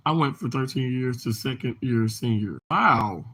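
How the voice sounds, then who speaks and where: A man's voice: medium pitch, normal speed, a bit bright, slightly rough. A man hosting a casual livestream, talking in long rambling stretches and greeting viewers by name as he reads their comments. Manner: rambling and chatty, with many restarts and fillers. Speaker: livestream host reading chat. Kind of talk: casual live chat.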